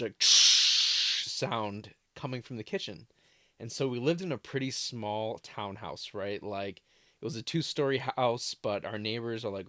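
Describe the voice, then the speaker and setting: A man's voice: fairly low pitch, sharp tone, no room sound. A young man in his twenties telling a childhood story in a loose, casual vlog style from his parents' basement, full of "like" fillers. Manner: loose, filler-heavy, lots of "like". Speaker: vlogger.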